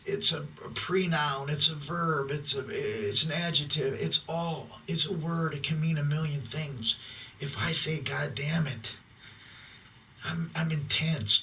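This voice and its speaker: A middle-aged man delivers a profane ranting monologue to camera, blunt and intense. His voice is bright and forceful, picked up from a bit away from the mic with a faint hiss of background noise. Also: mid-range voice, recorded from a distance, rough recording. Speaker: vlogger.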